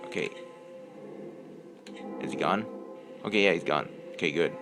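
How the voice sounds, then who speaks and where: Over music, a young man with a low-pitched, vocal-fry voice talks at normal speed while commentating on the horror game he's playing. Jumpy throughout, he lets out yelps and screams when startled and mutters to himself in the quieter stretches.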